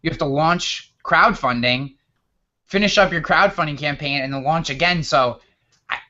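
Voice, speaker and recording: Bright-voiced upstate New York man. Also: on the high side, normal speed, dull audio. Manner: animated, repeats words and restarts often. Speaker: guest author. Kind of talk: casual storytelling interview.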